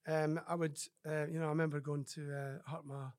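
Telling stories in a relaxed podcast interview, this Scottish ex-rugby player voices other people's lines and keeps restarting his sentences, leaning on fillers. He speaks fairly quickly, in a fairly high, slightly mellow voice with flat delivery.

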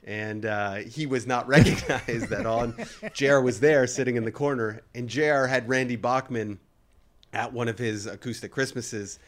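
A man co-hosting a podcast, telling an anecdote in animated casual chat and mimicking the people in it. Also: medium pitch, normal speed. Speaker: podcast co-host. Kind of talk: casual storytelling.

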